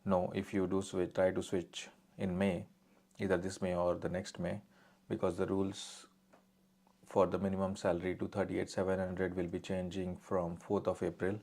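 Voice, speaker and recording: Man, live Q&A adviser, very deep, monotone delivery, plain and direct. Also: moderate pace, creaky. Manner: direct, reads out questions then answers plainly. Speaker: immigration adviser answering viewer questions. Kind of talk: live-stream Q&A.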